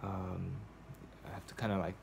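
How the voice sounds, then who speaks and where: A man's voice: low-pitched, level tone, moderate pace, gravelly, darkish tone, slight background noise. A man recording a casual video journal at home, talking to the camera in a rambling, hesitant way, full of fillers and restarts. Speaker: vlogger. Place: cold home indoors.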